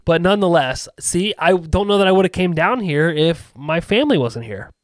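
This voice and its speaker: A man's voice: a little high, lively intonation, normal speed, no room sound, clean studio sound. A man telling a long rambling anecdote in casual podcast chat, full of asides and restarts. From rural US.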